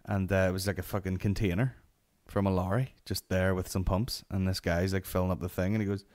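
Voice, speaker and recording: A man's voice: sits low, level tone, brisk, a little mellow. Sweary Northern Irish man telling stories. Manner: sweary, rambling anecdotal delivery. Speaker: podcast host. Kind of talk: solo comedy podcast storytelling.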